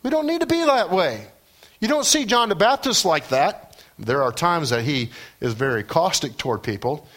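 A man's voice: a little high, very animated, moderate pace, a bit bright. A man preaching a sermon, emphatic and repetitive, building to fervent peaks.

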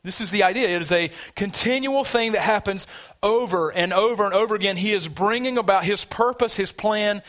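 A man's voice: high-pitched, fairly quick, a bit bright. A man preaching a sermon in a church, conversational and emphatic, drawing the congregation in with questions. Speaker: pastor. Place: church sanctuary.

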